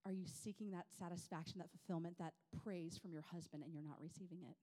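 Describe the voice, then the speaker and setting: A woman, telling personal stories in an animated, self-deprecating way to a women's gathering. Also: lowish voice, fast talker. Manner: animated, self-deprecating, chatty with many fillers. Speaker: women's ministry speaker. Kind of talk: personal storytelling talk.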